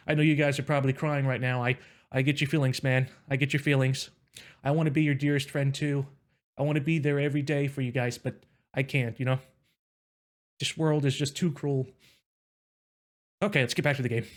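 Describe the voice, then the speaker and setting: A man's voice: mid-range voice, little pitch movement, brisk, long pauses. A young man hosting a casual let's play, rambling emotionally with lots of "you know"s. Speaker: gaming channel host.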